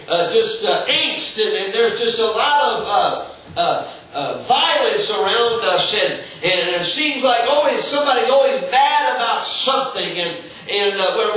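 Man, pastor, sermon, high voice, halting with repeated words, heavy room echo, far from the mic. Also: bright, forceful tone. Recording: echoey room, far from the mic, faint noise.

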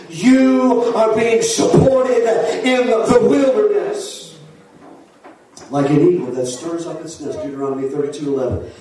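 A man preaching a fiery sermon as pastor, building to shouts with folksy asides. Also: high-pitched, a little hiss or hum. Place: church sanctuary. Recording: echoey hall from far off.

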